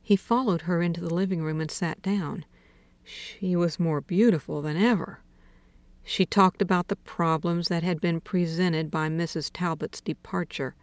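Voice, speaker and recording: A woman reading a literary short story aloud in a slow, measured way, dropping to a hush for quiet dialogue. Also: lowish voice, steady tone, no echo. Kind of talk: audiobook narration of literary fiction.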